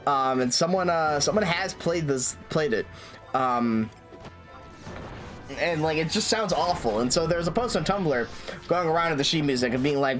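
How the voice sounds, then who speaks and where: A man's voice: fairly high pitch, animated, normal speed, a bit bright, faint music behind. A man streaming a game, chatting casually and rambling with lots of fillers, restarts and swearing.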